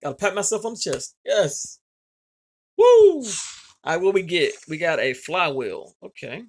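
A man's voice: fairly high pitch, animated, brisk, a bit bright. A man hosting a gaming channel, giving boastful, hyped let's-play commentary, swearing and calling out to his viewers.

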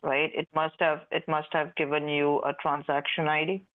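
A man's voice: a little high, level tone, moderate pace. A man posing as a support agent on a call, evasive and stalling, repeating himself. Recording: tinny dry phone line.

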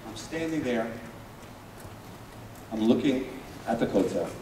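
A man playing an Israeli paratrooper telling a moving battle memory in a dramatic first-person monologue, earnest and swinging between loud urgency and hushed emotion. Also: mid-range voice, lively intonation, measured pace, background noise, close to an everyday voice. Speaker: stage performer. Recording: echoey hall from far off.

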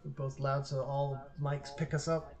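Low-voiced chatty woman gamer. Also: flat delivery, moderate pace, a little mellow, faint music behind. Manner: chatty, laughs often, thinks moves aloud. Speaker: host and player. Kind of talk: casual chat while playing a board game. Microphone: own streaming mic.

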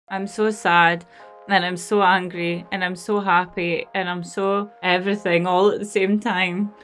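A woman's voice: lowish voice, very animated, slow, a bit bright, faint music behind. A woman, hosting a casual movie reaction, exclaiming and talking back to the screen. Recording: film soundtrack playing behind her.

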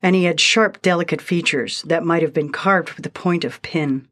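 A woman narrating a short story in a steady, measured reading style. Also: fairly low pitch.

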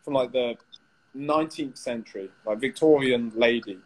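A young man co-hosting a casual chat show, relaxed and teasing in his banter. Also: mid-range voice, moderate pace, very noisy. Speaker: co-host.

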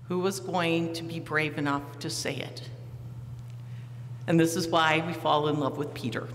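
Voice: mid-range voice, pushed and bright. A pastor giving a sermon in a church, telling the story vividly and asking the congregation questions. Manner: storytelling, acting out the disciples, posing questions to the listeners. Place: church sanctuary. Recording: reverberant church hall, faint hum.

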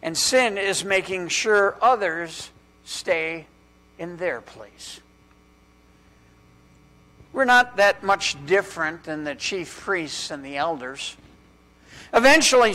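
A male pastor preaching a sermon in a church, with dramatic pauses and strings of rhetorical questions, dropping to a hush on key words. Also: high voice. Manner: drops to a hushed voice on key words.

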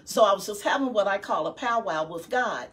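Middle-aged female guest, conversational testimony, mid pitch, distant pickup. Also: expressive, fairly quick, a bit bright. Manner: conversational storytelling, quoting her own prayers. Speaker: guest, founder of a support ministry. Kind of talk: personal testimony. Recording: distant mic.

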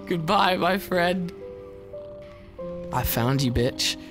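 A young gaming YouTuber does profane, excitable let's-play commentary, swinging from low growled taunts to shrieks. He speaks slowly over music.

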